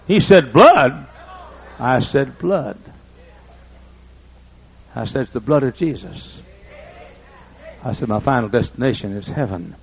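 A man's voice: mid-range voice, creaky. An older man preaching a folksy storytelling sermon. He acts out the dialogue in raised voices. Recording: muffled lo-fi recording.

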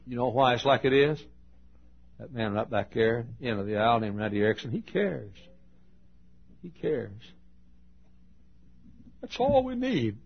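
A man preaching a sermon, telling folksy stories and swinging between loud and hushed delivery. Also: medium pitch, moderate pace, gravelly, long pauses, husky, muffled recording. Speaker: pastor. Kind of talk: sermon storytelling.

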